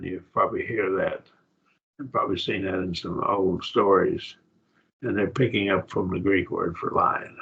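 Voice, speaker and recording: A man teaching a Greek grammar class, explaining words slowly and checking in with his students. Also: low-pitched, vocal fry. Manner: slow, explanatory, repeats words and checks with "okay?" and "see?". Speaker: Bible college Greek teacher. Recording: dull lo-fi classroom recording.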